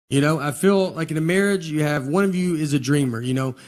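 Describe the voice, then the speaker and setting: A man performing a stand-up comedy set, telling bewildered, deadpan stories and acting out quotes, with audience laughter between lines. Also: fairly high pitch, fairly quick, hardly any pauses, very noisy. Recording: live audience laughter behind.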